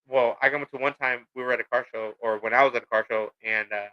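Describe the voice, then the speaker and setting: A man's voice: mid-range voice, fairly even intonation, fast, lo-fi sound. A man chatting casually on a podcast, telling rambling stories full of fillers and swearing. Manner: profane, rambling storytelling with many fillers. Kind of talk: casual chat.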